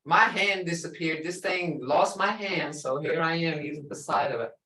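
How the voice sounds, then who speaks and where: A woman's voice: sits low, bright, forceful tone, echoey room, far from the mic, slight background noise. A woman teaching an online language class, patiently repeating and drawing out each word to show its tone. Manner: slow, patient, models words by drawing out tones. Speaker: language instructor.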